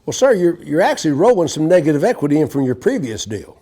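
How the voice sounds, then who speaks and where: A man's voice: a little high, big pitch swings, fast, mellow. A man teaching a live sales seminar to an audience, brash and profane as he tells stories. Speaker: sales trainer.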